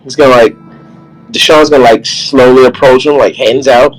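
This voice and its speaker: A man's voice: medium pitch, steady tone, normal speed, soft background music, poor audio. A man playing a tabletop game, describing his character's actions. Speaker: player. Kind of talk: casual game chat.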